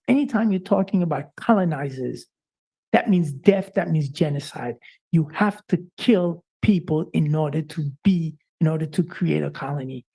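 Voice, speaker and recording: A man's voice: fairly high pitch, vocal fry, warm tone, slightly rough. A man co-hosting a live-streamed talk show, speaking in an impassioned, preacher-like way with frequent "uh" fillers.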